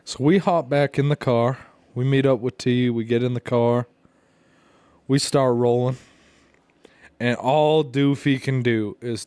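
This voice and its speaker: A man's voice: medium pitch, steady tone, a little slow, long pauses, darkish tone, clear, resonant tone, no room sound. A man co-hosting a casual podcast, telling a long, profane story and often laughing through it. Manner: profane, rambling, laughs through his stories. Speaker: podcast co-host.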